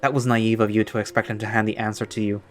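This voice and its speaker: A man reading a story aloud as narrator in a plain, steady second-person voice. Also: on the low side, fast talker, faint music behind.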